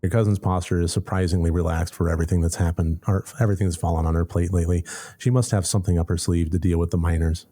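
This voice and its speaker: Low, mellow-voiced gamer with wry asides. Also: male voice, flat delivery, quick pace. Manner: wry, sarcastic asides between narration. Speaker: let's play gamer. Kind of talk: casual gameplay commentary, reading game text aloud.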